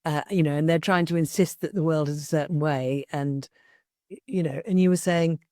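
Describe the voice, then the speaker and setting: Woman host asking gentle questions. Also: deep voice, steady tone, moderate pace, no room sound, studio quality. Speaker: podcast host. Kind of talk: interview.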